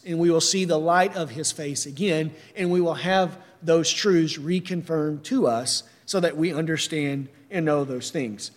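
A man delivers a sermon in an earnest, steady way, reading scripture aloud and then explaining it to his listeners. His voice sits fairly high for a man. The recording carries a long reverb, as in a large hall. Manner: earnest, reads slowly then explains with "right?". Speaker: preacher.

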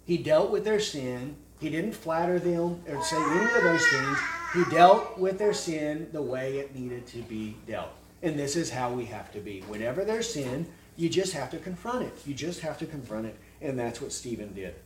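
A man delivers a forceful expository sermon in a slightly raised voice, pressing his listeners with pointed rhetorical questions. He is recorded from some distance in a roomy, echoing space with faint ambience behind him. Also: a little high, lively intonation, moderate pace, few pauses, a little hiss or hum. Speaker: preacher. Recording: echoey room, mic at a distance.

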